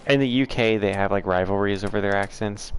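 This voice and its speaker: Man hosting a gaming stream, low-ish voice, loose and blunt, answers chat with lots of ums and restarts. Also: a little fast, a little hiss or hum. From southern United States. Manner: rambling, frank, many fillers and restarts. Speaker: livestream host. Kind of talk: casual chat answering viewers.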